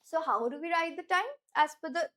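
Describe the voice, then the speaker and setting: A woman with an Indian English accent teaches a lesson in a high, light voice. She speaks clearly and deliberately, and she slows down on the words she wants her students to remember. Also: pushed and bright. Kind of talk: instructional lesson.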